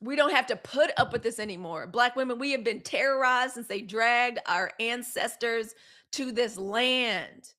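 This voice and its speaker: A woman's voice: on the high side, moderate pace, a bit bright. A woman hosting a live news commentary show, talking in a fiery, emphatic way with repeated phrases. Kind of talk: impassioned livestream commentary.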